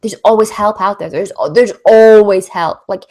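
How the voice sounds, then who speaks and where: A British woman hosts a business Q&A webinar as a coach, speaking at a normal speed with an ordinary mid-range pitch. Her motivational talk is casual, chatty and animated, full of "like," and she keeps acting out little voices of her own doubts.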